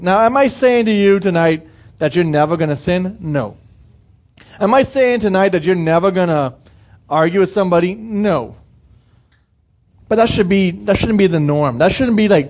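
A young pastor with a high, light, somewhat dark-toned voice preaches a sermon in a chatty, informal style. He asks the congregation direct questions and slips into brief impressions of the people he describes.

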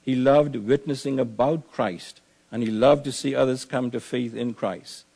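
A man's voice: medium pitch, fairly even intonation, creaky, mellow, husky. Solemn man giving a eulogy. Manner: measured, solemn, rising to emphatic preaching. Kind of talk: funeral eulogy.

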